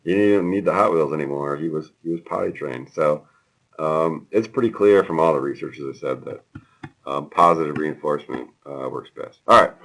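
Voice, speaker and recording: A man lecturing a class in a relaxed, chatty way, with many fillers and personal stories. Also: rumbling low, a little fast, breathy edge, poor audio. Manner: relaxed and chatty, lots of ums and anecdotes. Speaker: university lecturer.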